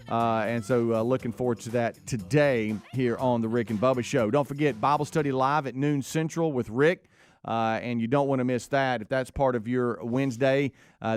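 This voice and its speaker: A man's voice: medium pitch, smooth, no room sound. Guy hosting morning radio, chatty and upbeat, lots of uhs, dry studio mic. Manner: upbeat, rambling with many fillers. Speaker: radio show host. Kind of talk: casual morning-show banter. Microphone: studio microphone.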